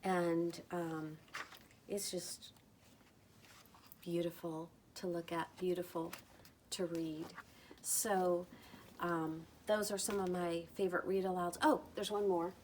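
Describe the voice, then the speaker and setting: A middle-aged woman talking casually about books she loves, gentle and enthusiastic, lingering over her words. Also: on the low side, level tone, slow pace, long pauses, slight background noise. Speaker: book vlogger. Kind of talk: casual recommendation talk.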